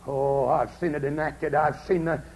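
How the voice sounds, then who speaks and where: A man preaching a holiness revival sermon at a camp meeting, swinging from hushed storytelling to shouted fervor. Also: a little high, little pitch movement, moderate pace, poor audio. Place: large camp meeting service.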